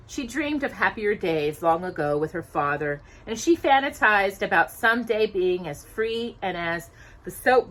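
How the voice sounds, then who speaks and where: A woman's voice: mid-range voice, a bit bright. A woman reading a children's story aloud, acting out the characters' lines as she goes.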